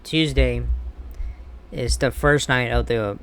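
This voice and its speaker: A man's voice: medium pitch, slow pace, a bit bright, clean tone. A man ranting bluntly and with heavy swearing in a casual wrestling commentary vlog. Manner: blunt, profane, heated ranting.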